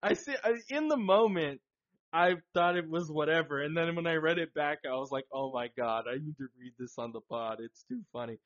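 A man co-hosting a podcast in casual chat, excitable, swearing and laughing a lot. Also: on the high side, brisk. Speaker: podcast co-host. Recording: dull lo-fi sound.

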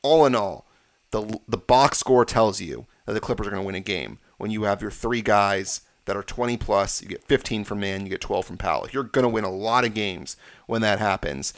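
A man's voice: lowish voice, moderate pace. A man hosting a sports podcast, confidently breaking down games and stats in casual talk. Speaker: podcast host.

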